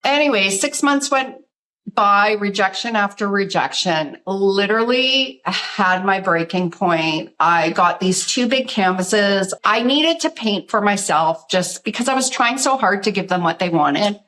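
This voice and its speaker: A middle-aged woman, a guest artist, telling her story in a casual interview, animated and full of "like". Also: mid-range voice, measured pace, poor audio. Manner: animated storyteller, acts out quoted voices, says "like" often.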